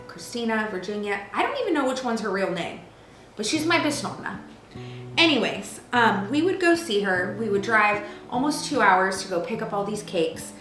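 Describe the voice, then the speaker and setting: A chatty woman in her thirties hosts a home cooking show and tells stories in a playful, gossipy way. Her voice carries a roomy echo from the kitchen, with music playing clearly behind her. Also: medium pitch, a bit bright. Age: 30s. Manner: gossipy, playful storyteller with lots of fillers.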